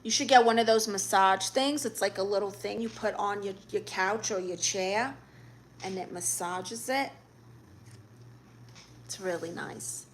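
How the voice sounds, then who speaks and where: A woman's voice: mid-range voice, a little slow, a little hiss or hum. A woman hosting a casual livestream, reading out viewer comments in a playful way with sudden gasps and squeals. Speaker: livestream host.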